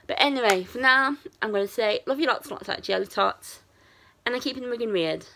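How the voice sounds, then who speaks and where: A woman's voice: on the high side, a little fast, pushed and bright. A young woman, telling a story in a casual, chatty way with plenty of fillers and restarts. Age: young adult. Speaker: vlogger.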